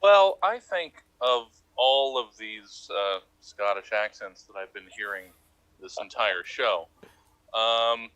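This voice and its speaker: A man from America, an improv team player, giving a halting, giggly verdict. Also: on the low side, fairly bright tone, smooth, no room sound, muffled recording. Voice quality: halting, giggly, with many fillers.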